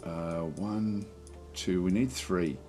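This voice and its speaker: A man giving relaxed let's play commentary on a strategy game, thinking aloud with many fillers and restarts. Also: low voice, slow, soft background music.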